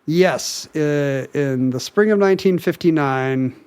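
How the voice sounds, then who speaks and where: A man co-hosts a podcast in a casual chat, explaining facts and looking up details on the spot as he goes. His voice is a little high and clear, with a darkish, resonant tone, and he speaks at a slow pace.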